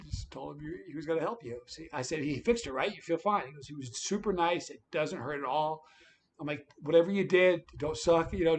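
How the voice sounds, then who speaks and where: A man hosting a livestream, telling a story in a lively, casual way. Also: on the high side, slight background noise. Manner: animated, tells stories with quoted voices. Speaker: livestream host.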